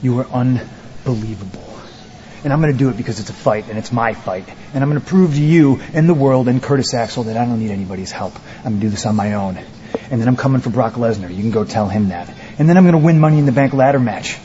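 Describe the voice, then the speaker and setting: Brief: a man doing a stubborn, intense wrestler, dark mellow voice, dull broadcast playback. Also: mid-range voice, fast, a little hiss or hum, lightly acted. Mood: defiant. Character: defiant, stubborn male wrestler chasing a title. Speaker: wrestler in a backstage segment. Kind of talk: scripted televised wrestling promo.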